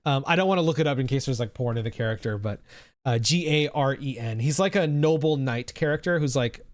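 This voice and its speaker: A man's voice: medium pitch, fairly quick, no room sound. Rambling male streamer, dry close sound. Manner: rambling, swears freely, reads out chat. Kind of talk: casual live-stream reaction chat.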